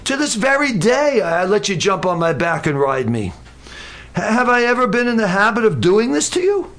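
A man's voice: high-pitched, sing-song, normal speed, a bit bright, exaggerated voice. A man voicing an exasperated male donkey scolding and pleading with his master in a sermon retelling.

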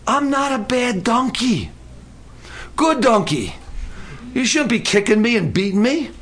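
Man playing a talking donkey, indignant, pleading, scolding, high-pitched, sermon storytelling. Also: lively intonation, measured pace, fairly bright tone, exaggerated voice. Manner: exasperated, scolding.

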